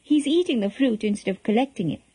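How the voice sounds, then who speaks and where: A woman voicing a gang of bossy older boys who shout and accuse, in a storybook reading. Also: a little high, lively intonation, fast talker, slightly rough. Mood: shouting angrily.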